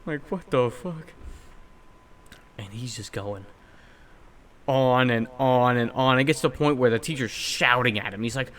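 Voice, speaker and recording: A young man co-hosting a podcast, telling a story in casual chat, animated and swearing, acting out quotes loudly. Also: medium pitch, a little slow, pauses often. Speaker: podcast co-host.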